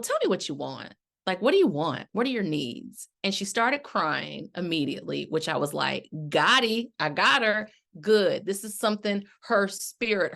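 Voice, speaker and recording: A middle-aged life coach speaks in a medium pitch on her own podcast, in a casual solo format. She tells a story with lively acted-out quotes and talks straight to her listeners, calling them y'all.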